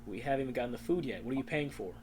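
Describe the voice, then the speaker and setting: A man narrating a tabletop game as game master, lively and quick. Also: medium pitch, soft background music.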